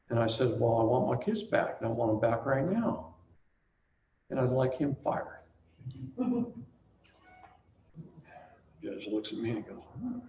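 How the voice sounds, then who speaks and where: A man's voice: mid-range voice, expressive, unhurried, long pauses, slight background noise. A man speaking to a live class, telling a personal story and acting out the dialogue, often laughing along. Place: large echoey room with audience. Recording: echoey room from far off, dull lo-fi.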